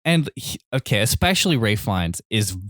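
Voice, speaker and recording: A man's voice: on the low side, sing-song, normal speed, a bit bright, no room sound, studio quality. Easygoing young man, chatty podcast co-host. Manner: easygoing, laughs often, chatty enthusiasm. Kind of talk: casual film discussion podcast.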